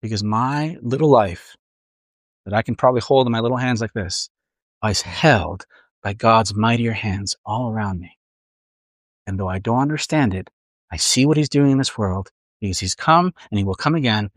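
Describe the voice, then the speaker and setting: A man's voice: fairly low pitch, moderate pace, no room sound. A man preaching a sermon as pastor, earnest and reflective, speaking to a congregation in a church room.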